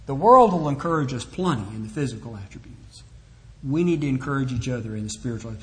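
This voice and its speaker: A man's voice: mid-range voice, lively intonation, fast talker, a bit bright. A man preaching a sermon to a congregation, earnestly exhorting families, quoting scripture and acting out little conversations. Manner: earnest, exhorting, quotes scripture and acts out short dialogues.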